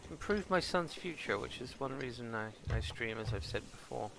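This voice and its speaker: A man's voice: medium pitch, expressive, normal speed, vocal fry, noisy background. A middle-aged British man chatting casually as he streams a game, rambling and talking to the characters on screen. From Britain. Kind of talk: casual live-stream commentary.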